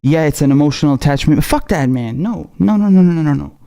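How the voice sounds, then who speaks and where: A man who isn't from America rants at his audience, heated and scolding, repeating himself and swearing at every turn. His voice sits slightly high but has a mellow, warm tone. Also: animated, quick pace, creaky. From not American. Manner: profane, scolding, repetitive and heated. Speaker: political commentator. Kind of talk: angry ranting monologue.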